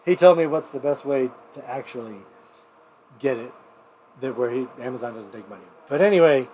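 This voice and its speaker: A man hosting a livestream showcase, telling a rambling, profane story in casual chat and swinging between loud outbursts and muttered asides. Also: mid-range voice, fairly quick, slight background noise. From New Mexico. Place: home.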